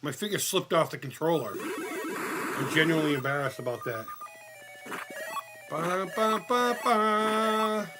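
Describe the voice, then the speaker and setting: A man's voice: on the high side, unhurried, pauses often, over loud music. A man chatting casually during a live retro game stream, swearing often and laughing at himself. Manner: profane, laughing, excitable. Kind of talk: casual live gameplay chat.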